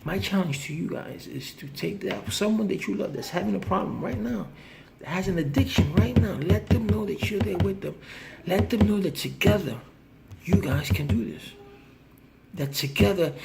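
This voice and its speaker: A man's voice: high voice, lively intonation, moderate pace, creaky, heavy background noise. A man in recovery speaking straight to his viewers, pleading and repeating himself with heartfelt urgency. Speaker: vlogger in addiction recovery. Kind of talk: earnest direct-to-camera appeal.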